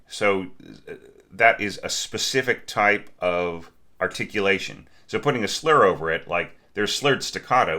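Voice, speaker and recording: A man with a low voice and a crisp, forceful edge critiques a student's score in a relaxed, talky way. He sings little phrases aloud to show articulations. He is blunt, then quickly apologetic. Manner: chatty, apologetic, frequent fillers; direct, critical feedback. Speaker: orchestration teacher reviewing scores.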